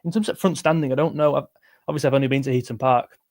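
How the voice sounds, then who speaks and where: Young man, rambling livestream chat, tired voice, mid-pitched. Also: fairly even intonation, rapid-fire, a little mellow. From England. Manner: rambling, chatty, self-interrupting. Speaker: music livestream host. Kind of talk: casual livestream chat reading comments.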